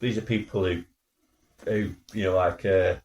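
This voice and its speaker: A man's voice: low voice, steady tone, unhurried, a little mellow, dull audio. A man co-hosting a casual podcast, chatty and teasing his co-host. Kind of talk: casual banter. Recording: echoey room.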